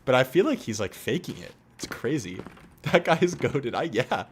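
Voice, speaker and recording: A young man at a middle pitch rambles through a casual stream chat, piling on fillers and curse words. He often breaks into laughter between his stories. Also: very animated, normal speed, slight background noise.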